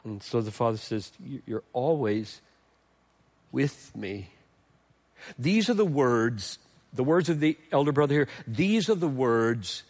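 A middle-aged male pastor preaching a sermon, swinging from emphatic lines to hushed, tender ones. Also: medium pitch.

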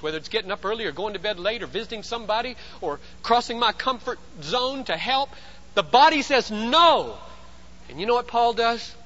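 Emphatic high-voiced male preacher. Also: dull audio. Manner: emphatic, swings between loud and hushed. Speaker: pastor. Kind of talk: sermon.

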